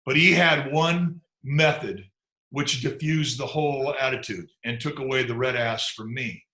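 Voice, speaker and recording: Bright-voiced man telling old pitching stories. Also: a little slow. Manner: laid-back, chuckling, trails off into asides. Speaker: former big league pitcher telling stories. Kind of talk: relaxed anecdotal storytelling. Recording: echoey room.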